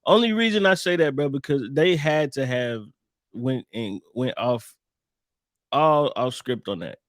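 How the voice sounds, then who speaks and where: A man's voice: medium pitch, a little slow, no echo. Laid-back man, dry close sound. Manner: laid-back, peppers talk with "bro". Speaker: podcast co-host. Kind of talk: casual movie-recap chat.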